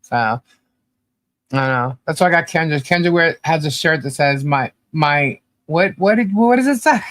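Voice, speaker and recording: A woman's voice: sits low, lively intonation, normal speed, no room sound. A woman co-hosting a podcast in casual chat, fondly and emotionally reminiscing and laughing often. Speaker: podcast co-host.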